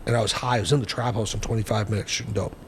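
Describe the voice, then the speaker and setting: Podcast guest, man in his forties, animated and foul-mouthed storyteller, faint background hiss. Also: lowish voice, racing, in a large hall. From New Hampshire, US. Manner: blunt, profane, animated storytelling. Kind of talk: storytelling interview.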